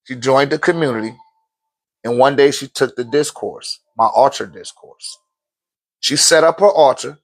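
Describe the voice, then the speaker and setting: Speaking at a moderate pace in a mid-range voice, a male spiritual teacher shares stories in a relaxed teaching style. He's animated, performs the quotes he tells, and laughs frequently.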